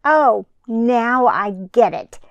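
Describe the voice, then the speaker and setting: A curious young boy asks earnest questions in a storybook tale, as a woman reads him. His voice is a little high and slow. The sound is dry and close. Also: no room sound, dull audio.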